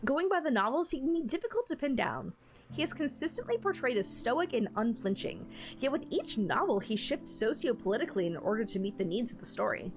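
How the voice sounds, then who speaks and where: A woman's voice: fairly high pitch, very animated, brisk, music in the background. A woman streamer reading a book from a game aloud to her chat, breaking off for playful asides.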